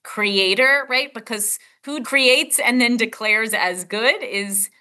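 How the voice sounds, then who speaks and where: A woman's voice: on the high side, takes it slowly, pushed and bright. A middle-aged woman teaching a text-study class, talking in a conversational way and thinking aloud with many filler words.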